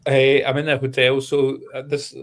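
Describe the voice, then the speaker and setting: A man's voice: mid-range voice, completely flat delivery, normal speed. Jokey man chatting from a hotel room. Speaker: podcast guest. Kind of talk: casual chat.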